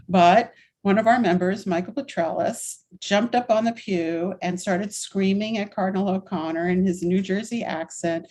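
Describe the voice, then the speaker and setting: A woman's voice: mid-range voice, a little mellow. A woman in her sixties, a guest in a conversational interview, telling stories in long, flowing runs with a candid, emphatic manner. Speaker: interview guest, activist and writer.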